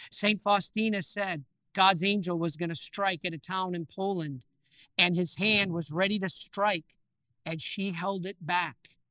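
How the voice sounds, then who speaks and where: A male preacher tells stories with lively energy and throws questions at his listeners. His voice is bright and ringing. The sound is dry and close. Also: high-pitched, no room sound. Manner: animated, acts out scenes, asks the audience questions. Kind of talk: storytelling sermon.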